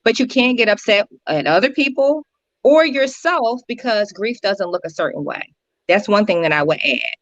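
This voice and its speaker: A woman's voice: medium pitch, normal speed, no room sound. Earnest woman counselor, dull dry audio. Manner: earnest, animated storytelling with repetitions. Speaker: guest counselor. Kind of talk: conversational interview talk.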